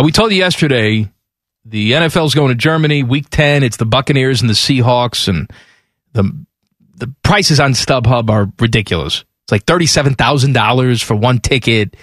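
A man's voice: medium pitch, fairly quick, a bit bright, no echo, studio quality. A man co-hosting casual sports talk with a wry manner who reads news items aloud. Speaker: sports radio co-host.

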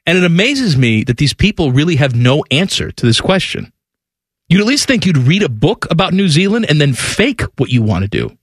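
A man's voice: fairly high pitch, very animated, fairly quick, breathy edge, dry recording, clean studio sound. A man co-hosting a radio talk show, bantering in a playful, teasing way. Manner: playful, teasing, puts on silly voices. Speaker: radio co-host.

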